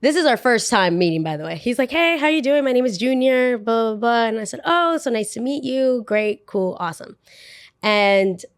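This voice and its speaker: Young woman podcast host, casual and animated storyteller, dry close mic. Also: no echo. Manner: animated, acts out quotes with pitch swings.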